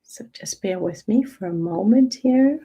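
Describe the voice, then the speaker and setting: A woman's voice: mid-range voice, expressive, warm tone, slightly rough, poor audio. A woman hosting an online spiritual study group, reading passages and adding emphatic, reflective commentary. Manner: slow, emphatic, reflective delivery.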